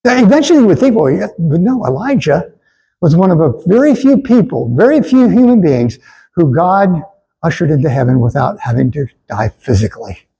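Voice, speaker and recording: A man's voice: on the high side, sing-song, fairly quick, dark tone, breathy edge, poor audio. A man preaching a sermon in an earnest way, with stammered restarts, and he asks the congregation to repeat lines after him. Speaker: pastor.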